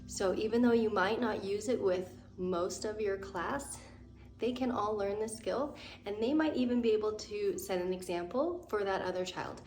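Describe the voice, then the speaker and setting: A woman's voice: medium pitch, darkish tone, echoey room, far from the mic. A woman teacher in her thirties, explaining breathing exercises for children in a friendly, step-by-step way with some fillers. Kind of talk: instructional talk to camera.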